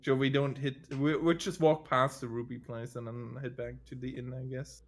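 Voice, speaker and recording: A man chatting casually as a player at a tabletop game, quick with jokes. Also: medium pitch, level tone.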